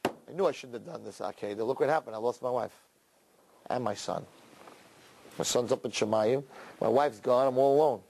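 A man voicing a grieving old patriarch who laments quietly in a low, subdued voice. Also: moderate pace, creaky, pauses often, a little hiss or hum, lightly acted. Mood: mournful.

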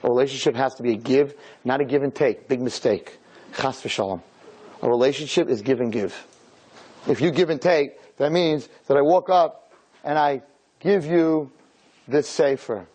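With a mid-range voice at an ordinary speed, a male rabbi delivers an animated Torah talk to a group. He stages small dialogues and keeps firing rhetorical questions.

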